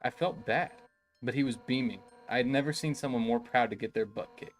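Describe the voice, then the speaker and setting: A man's voice: medium pitch, a little fast, faint music behind, natural voice. Undyne, a brash fish warrior captain, read by a man. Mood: boastful, casual. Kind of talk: reading game dialogue aloud on a live stream.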